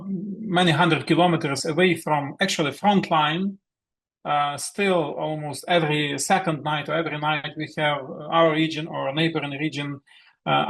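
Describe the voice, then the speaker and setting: A middle-aged man from Ukraine with a Ukrainian accent, speaking haltingly over a video call as a guest theologian. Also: fairly high pitch, vocal fry, fairly bright tone. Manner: halting, searching for words. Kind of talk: online meeting talk.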